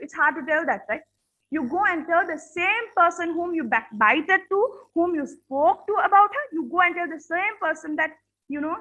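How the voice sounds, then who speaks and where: A woman's voice: sits high, lively intonation, normal speed, bright, forceful tone, low-quality recording. A woman teacher giving a classroom lesson on manners, speaking earnestly, repeating her points and checking in with her students.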